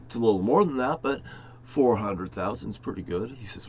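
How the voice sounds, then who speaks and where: A man rambling profanely to camera in a conspiratorial monologue, jumping from topic to topic with sudden loud outbursts. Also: lowish voice, expressive, a little fast, dull audio, slight background noise. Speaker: vlogger.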